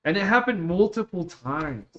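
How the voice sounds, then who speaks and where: A relaxed streamer in his twenties, a man from Russia, rambling through casual talk while he plays. His voice sits a little high for a man. It comes through a dull, low-fidelity microphone. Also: moderate pace. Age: 20s. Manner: relaxed, rambling, heavy use of "like" and "dude". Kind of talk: casual chat while gaming.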